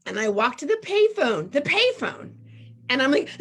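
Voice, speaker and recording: Guest, woman from Texas, middle-aged, slightly high-pitched; emotional, frank storyteller. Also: normal speed. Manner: emotional, animated, candid. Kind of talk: personal storytelling in conversation.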